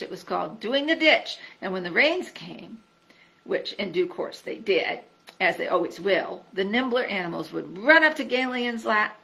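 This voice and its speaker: Bright, gravelly woman reading a storybook. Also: fairly high pitch, poor audio. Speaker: storybook reader. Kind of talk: reading a children's book aloud.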